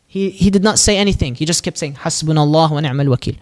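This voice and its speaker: A man telling a prophet's story at a mosque in a lively, casual way, acting out the quoted lines and using Arabic phrases. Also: a little high, quick pace. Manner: casual, with fillers and restarts. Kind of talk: religious storytelling talk.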